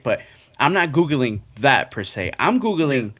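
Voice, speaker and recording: A man co-hosts a casual sports podcast, his voice moving widely up and down as he talks. He is animated, chuckles between phrases and sometimes trails off mid-thought. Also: medium pitch, unhurried. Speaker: podcast co-host.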